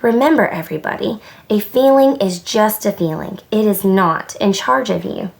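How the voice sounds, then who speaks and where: A woman's voice: medium pitch, normal speed, vocal fry, natural voice. A woman voicing a patient preschool teacher who explains feelings to her class in a storybook.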